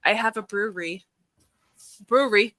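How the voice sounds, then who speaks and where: Bright chatty woman telling stories. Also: mid-range voice, a little slow, dry recording, low-quality recording. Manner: chatty storyteller, lots of fillers and laughs. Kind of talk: casual livestream chat.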